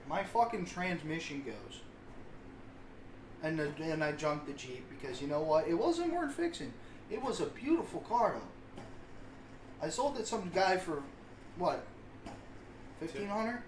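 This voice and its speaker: A man, co-hosting a podcast and telling rambling, self-mocking stories full of swearing. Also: on the high side. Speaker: podcast co-host. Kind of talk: casual storytelling. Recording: roomy sound with faint hiss.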